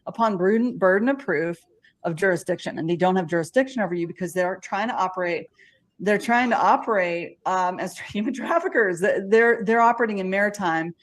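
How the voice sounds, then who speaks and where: A woman's voice: medium pitch, brisk. A woman lecturing in a rambling monologue, with frequent restarts and false starts. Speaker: speaker in a played video.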